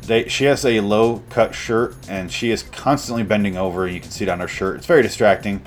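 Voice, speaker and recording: A man's voice: lowish voice, fairly quick, soft background music. Sarcastic profane young man reviewing a movie. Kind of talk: comedic movie review rant.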